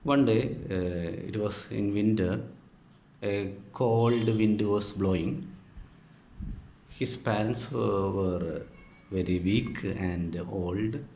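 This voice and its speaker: A man with an Indian English accent, a teacher patiently telling a story to his students step by step, with frequent pauses. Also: fairly low pitch, warm tone. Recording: echoey room with faint ambient noise.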